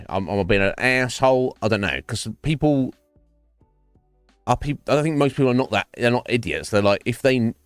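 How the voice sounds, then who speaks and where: A low-pitched man in his forties rambles through a casual stream chat. He swears freely and pokes fun at himself. The mic is close and dry, with faint game music behind him. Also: no room sound. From England. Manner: rambling, sweary, self-mocking. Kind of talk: casual chat while gaming. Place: home streaming setup.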